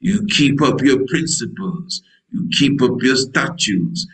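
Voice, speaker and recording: A man's voice: medium pitch, animated, takes it slowly, fairly bright tone, low-quality recording. A male priest preaching a sermon in a folksy, digressive way, full of wordplay, who acts out scripture dialogue in different voices.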